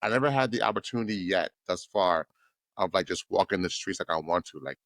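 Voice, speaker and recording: Man, podcast host, lowish voice, excited rambling, dry close mic. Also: a little fast, no room sound. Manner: enthusiastic, rambling with repeats. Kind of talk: casual conversation.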